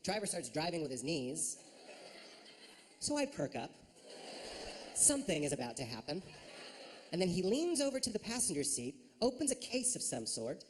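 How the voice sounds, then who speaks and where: A woman doing a stand-up comedy set, telling a story with lively acted-out voices. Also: on the low side, normal speed, long pauses, slight background noise.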